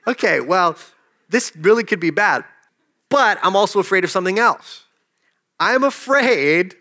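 A man's voice: high voice, sharp tone. A man preaching a sermon, telling a personal story in a conversational way and joking with the congregation. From desert region. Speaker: pastor.

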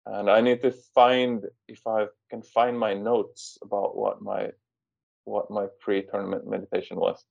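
A low-voiced man hosts the interview, his speech gravelly with fry. He talks hesitantly, thinking aloud, over dull lo-fi remote audio. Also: level tone, unhurried, a little mellow. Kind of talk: casual interview talk.

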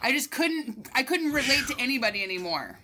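Brief: woman podcast host, bright forceful tone, blunt and swearing, quick to laugh. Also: high-pitched, big pitch swings. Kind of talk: casual chat.

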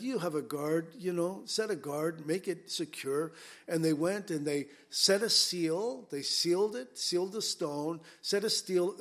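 Lively conversational male preacher. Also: fairly high pitch. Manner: conversational, acts out little scenes in quick voices. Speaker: pastor. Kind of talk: expository sermon.

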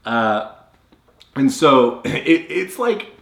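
A man's voice: mid-range voice, sing-song, extremely slow, gravelly. A man co-hosting a podcast, casually chatting about a movie and rambling as he retells its scenes. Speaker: podcast co-host. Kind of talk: casual movie-review chat. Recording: roomy echo.

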